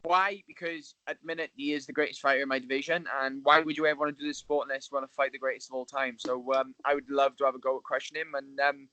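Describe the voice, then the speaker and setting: Relaxed man with a dry, close voice. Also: mid-range voice, fast, hardly any pauses, no room sound, dull audio. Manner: relaxed, hesitant with many ums. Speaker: guest, MMA fighter. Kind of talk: casual podcast interview.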